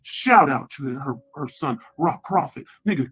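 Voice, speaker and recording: Husky woman going off on a rambling rant, cursing and taunting over and over. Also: low voice, very animated, normal speed, few pauses, poor audio. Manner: profane, rambling, repetitive taunting. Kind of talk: angry rant.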